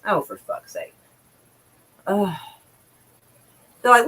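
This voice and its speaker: A woman's voice: lowish voice, animated, normal speed, fairly bright tone, rough recording. Sarcastic, profane woman commenting on news. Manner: sarcastic, profane, exasperated sighs. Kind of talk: casual news commentary, reading aloud.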